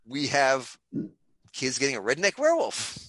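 Loud, rambling storyteller man. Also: mid-range voice, huge pitch swings, normal speed, no room sound. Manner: loud, rambling, theatrical joker. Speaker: comic creator and guest. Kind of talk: animated storytelling and joke telling.

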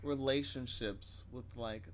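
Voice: mid-range voice, steady tone, measured pace, slight background noise. A podcast co-host in casual chat, rambling and hesitant, often breaking off and restarting sentences.

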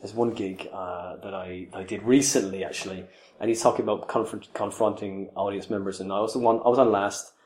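A man's voice: lowish voice, a little fast, roomy sound. A man who is a stand-up comedian, telling a story in casual chat with lots of swearing and acted-out scenes. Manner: animated storyteller, swearing, acts out scenes loudly.

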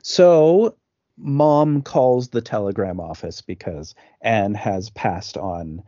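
A man's voice: lowish voice, takes it slowly, dark tone, no room sound. A man co-hosting a podcast, recapping a film in casual talk, rambling with lots of fillers and restarts. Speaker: podcast co-host. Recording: dull lo-fi dry sound.

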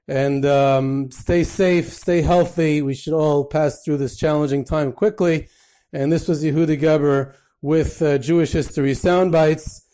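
A man's voice: on the high side, fairly even intonation, unhurried, warm tone. A man hosting a podcast, telling anecdotes with frequent fillers and Yiddish phrases. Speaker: podcast host. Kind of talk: storytelling talk.

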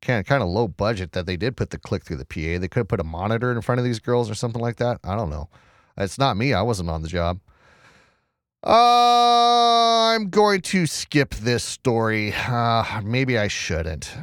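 A man's voice: on the low side, expressive, brisk, no room sound, studio quality. A man hosting a casual news commentary show, chatty and sarcastic, often restarting words and reading from the screen.

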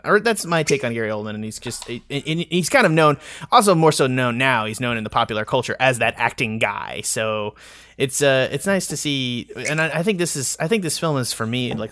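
A man's voice: medium pitch, a bit bright, no room sound, studio quality. A man hosting a movie podcast, talking in a loose, rambling way with frequent fillers and restarts. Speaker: podcast host. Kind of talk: casual movie review chat.

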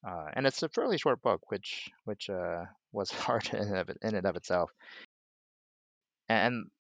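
A man who is a guest author, answering in an earnest, measured way with some repeated words. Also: low voice, fairly bright tone, no echo. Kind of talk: casual interview answers.

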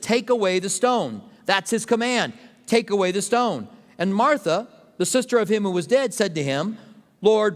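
A man preaching a sermon, his voice sitting a touch high for a man. He reads scripture and explains it earnestly. The sound carries a long reverb, as in a large church hall. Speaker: pastor.

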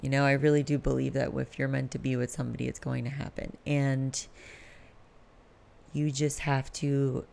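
A woman's voice: rumbling low, little pitch movement, normal speed, vocal fry, darkish tone. A woman in her late twenties hosting a candid, rambling late-night solo podcast, swearing freely. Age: late 20s. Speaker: podcast host.

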